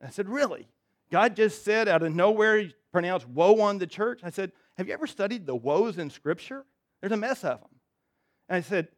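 Male pastor, fairly high voice, delivering a casual, folksy sermon full of asides and self-corrections. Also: animated, moderate pace. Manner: conversational and folksy, with frequent restarts and asides. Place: church sanctuary.

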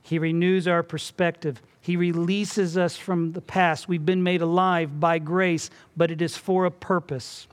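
A male pastor with a fairly high voice delivers a sermon in a church. He tells a personal story in a lively, earnest way and slows down to stress key points. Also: clear, resonant tone.

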